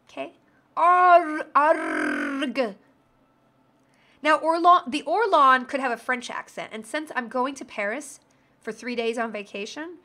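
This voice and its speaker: Bubbly woman streamer with a bright voice. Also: on the high side. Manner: bubbly, joking, irreverent. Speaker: streamer playing a role-playing game. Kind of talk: casual livestream commentary, reading chat.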